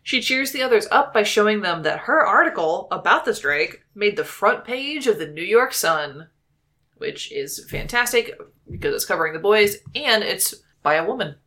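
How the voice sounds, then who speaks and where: A woman's voice: medium pitch, animated, normal speed, sharp tone. Giggly woman recapping a musical. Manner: giggly, upbeat, lots of "like". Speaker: podcast co-host. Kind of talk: casual chat and plot recap.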